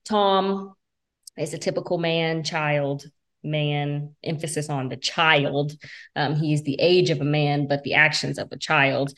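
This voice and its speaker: A woman's voice: low-pitched, steady tone, a little slow, fairly bright tone. A young woman co-hosting a reality TV recap podcast, talking bluntly and animatedly and swearing freely. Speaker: podcast co-host. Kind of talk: casual recap chat.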